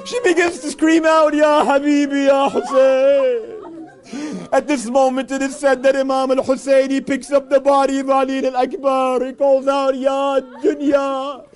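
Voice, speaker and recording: A man preaching an emotional religious narration, rising to anguished cries and shouts. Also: extremely high pitch, little pitch movement, moderate pace, few pauses. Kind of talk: emotional religious recitation sermon.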